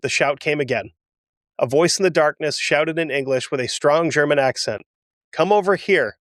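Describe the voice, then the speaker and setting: Brief: male podcast host, slightly high voice, reads history aloud with candid personal asides, dry close mic. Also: moderate pace, a bit bright, dry recording. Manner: emotional, self-deprecating asides between readings. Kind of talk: reading a historical account with asides.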